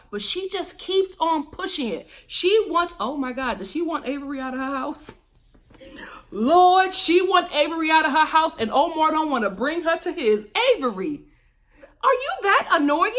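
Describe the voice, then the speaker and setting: A woman giving casual, gossipy commentary on a reality show, sassy and emphatic, laughing often. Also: fairly high pitch. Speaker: reality TV recap vlogger.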